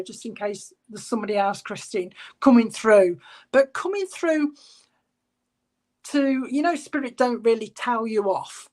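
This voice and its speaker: Chatty woman medium, high-pitched. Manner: chatty, relaying messages with frequent asides and restarts. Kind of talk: clairvoyant reading at a church service.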